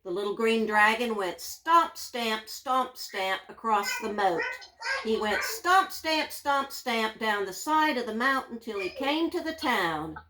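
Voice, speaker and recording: A woman teacher reading a children's story aloud, gentle and drawn out, leaning into the sound words. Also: a little high, lively intonation, slow, background noise.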